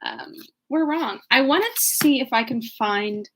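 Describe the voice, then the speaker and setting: A woman's voice: high voice, animated, measured pace. A young woman reading a novel aloud, then chatting in a casual, thoughtful way, laughing often and trailing off as she searches for things. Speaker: book reader and commentator.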